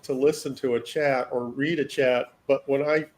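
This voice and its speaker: A man's voice: medium pitch, fairly even intonation, normal speed. Laid-back man chatting. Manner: laid-back, self-mocking. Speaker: podcast co-host. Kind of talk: casual chat.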